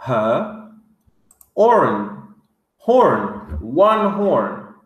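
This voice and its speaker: A man teaching English words to young children, drilling each word slowly with excited gasps. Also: a little high, reverberant. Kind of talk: vocabulary lesson for kids.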